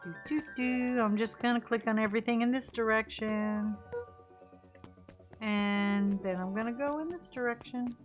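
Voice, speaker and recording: A woman's voice: fairly high pitch, fairly even intonation, normal speed, soft background music. A woman streamer chatting playfully through a game, humming and making little sound effects as she clicks around. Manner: playful, hums and makes beeping sounds while clicking. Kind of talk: live game playthrough commentary.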